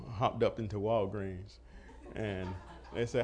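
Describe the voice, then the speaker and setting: A man's voice: on the low side, animated, measured pace, a little mellow, breathy edge. A middle-aged man preaching a testimony sermon, acting out the dialogue and breaking into laughter as he tells it. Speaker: pastor.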